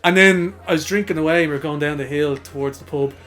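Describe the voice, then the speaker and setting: A man co-hosting a podcast, telling a story in a casual, laughing, animated way. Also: a little high, fast talker, very noisy. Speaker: podcast co-host.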